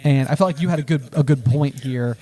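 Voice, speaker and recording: This co-host of a book podcast talks fast in a medium-pitched, dark-toned voice. His casual book chat is full of fillers and playful quoted voices.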